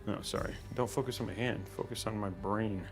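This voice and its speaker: Music plays in the background as a man builds a PC on a livestream, talking casually, musing aloud, breaking off and restarting his sentences, and reading viewer messages. His voice is on the low side and fairly quick.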